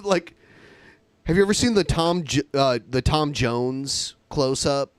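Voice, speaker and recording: A man co-hosting a livestream podcast, telling crude stories in an animated, joking way. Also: medium pitch, a little slow, smooth, no room sound. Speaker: podcast co-host. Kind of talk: casual livestream banter.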